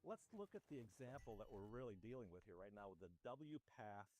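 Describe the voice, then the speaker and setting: A man speaking as a guest physician in an interview, explaining in a measured way and often rephrasing. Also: lowish voice, lively intonation, darkish tone, a little hiss or hum, poor audio. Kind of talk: interview discussion.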